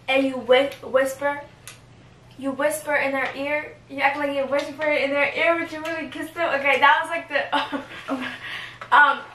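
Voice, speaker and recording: A woman's voice: high-pitched, pushed and bright. A young woman vlogger telling a story in a casual, rambling way, giggling and using fillers. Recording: echoey room, camera at a distance, faint noise.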